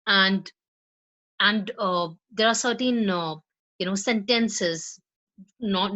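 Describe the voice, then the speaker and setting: A woman with an Indian English accent giving a recorded lecture on spoken English. She explains slowly, with frequent fillers and repeated words, and stresses syllables on purpose when she models pronunciation. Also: medium pitch, fairly bright tone, low-quality recording. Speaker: law college English teacher.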